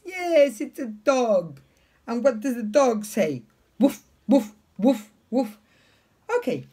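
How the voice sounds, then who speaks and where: A woman leads a children's English lesson, coaxing a puppet pupil along. Her pitch swoops widely and she speaks slowly and patiently. Her voice is soft and breathy. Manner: slow, sing-song teacher talk to a puppet pupil.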